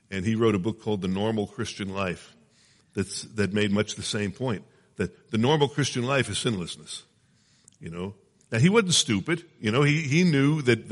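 A man's voice: fairly low pitch, long reverb tail. A man preaching a sermon in a conversational teaching manner, often checking in with his listeners. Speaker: pastor.

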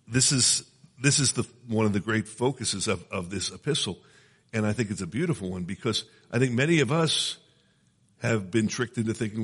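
A man's voice: medium pitch, animated, normal speed, fairly bright tone, slightly rough, in a large hall. A man preaching a sermon in a conversational teaching manner, often checking in with his listeners. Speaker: pastor.

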